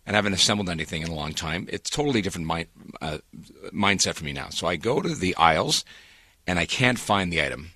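A Canadian man on morning radio spins a comic tale of frustration, and his pitch swings widely as he acts out everyone's lines. His voice is bright and forward, and the studio sound is dry and close. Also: expressive, fast talker, slightly rough, no echo. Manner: exasperated, comic, acts out quoted dialogue with big pitch jumps. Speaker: radio morning show co-host. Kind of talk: animated storytelling on morning radio.

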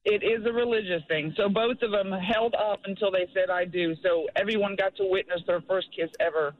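A woman's voice: medium pitch, steady tone, a little fast. A woman calling into a radio show, telling a story in a matter-of-fact way. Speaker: caller. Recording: phone line.

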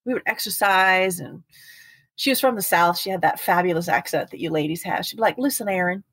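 A woman in her fifties, a guest speaking about partner abuse in a casual podcast conversation, earnest and animated, acting out the people she quotes. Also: fairly low pitch, brisk, husky, dry recording. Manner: earnest, animated storyteller who acts out quotes.

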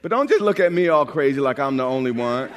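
A pastor from New York preaching a lively, humorous sermon, often repeating words as he builds a point. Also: mid-range voice, fast, slight background noise. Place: large church sanctuary. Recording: long hall reverb.

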